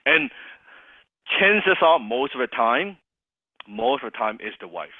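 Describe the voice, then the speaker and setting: A man coaching a group on sales calls, animated and quick to laugh, restarting his phrases. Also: mid-range voice, no echo. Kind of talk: sales training role-play demo. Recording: tinny call audio.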